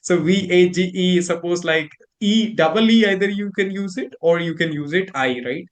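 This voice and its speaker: A man's voice: high voice, normal speed. A young man with an Indian English accent, chatting through a pronunciation lesson in a rambling, filler-heavy way. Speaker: host learning pronunciation. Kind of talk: casual conversational lesson.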